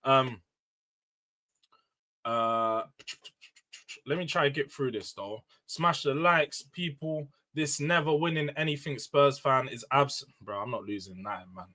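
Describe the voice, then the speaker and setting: A man hosting a casual football live stream, loud and emotional, ranting and then bringing it back down. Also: mid-range voice, lively intonation, measured pace, low-quality recording. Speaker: livestream host.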